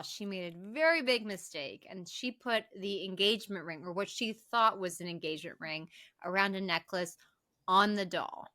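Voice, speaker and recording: A woman co-hosting a casual podcast, recapping a film scene by scene in a bright, forceful voice. She laughs often and acts out the characters' lines. The sound is dry and close. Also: medium pitch, no echo. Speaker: podcast co-host.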